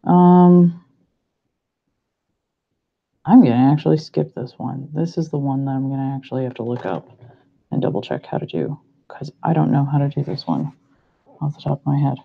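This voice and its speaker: In a muffled lo-fi clip, a young man studying pharmacy murmurs his way through practice problems, unhurried and unsure of himself. His voice is medium in pitch and creaky.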